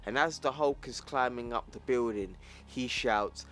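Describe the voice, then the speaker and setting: A man's voice: mid-range voice, a little slow, few pauses, a bit bright, soft background music. A man casually recapping a comic book, talking in slang with some swearing. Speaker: YouTuber.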